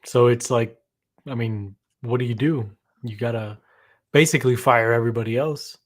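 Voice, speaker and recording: A man co-hosting a casual sports chat, subdued and glum, pausing often with ums. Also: mid-range voice, steady tone. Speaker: podcast co-host.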